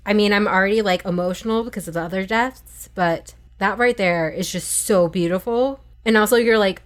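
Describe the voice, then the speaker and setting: A woman's voice: medium pitch, fairly quick, few pauses. Chatty enthusiastic woman on a podcast. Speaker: podcast co-host. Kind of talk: casual podcast discussion.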